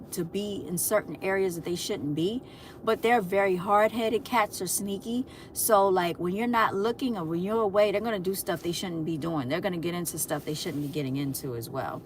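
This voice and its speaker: A woman's voice: medium pitch, normal speed, a little hiss or hum. A woman hosting a casual livestream, chatting to her viewers, laughing often and calling them y'all. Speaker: livestream host.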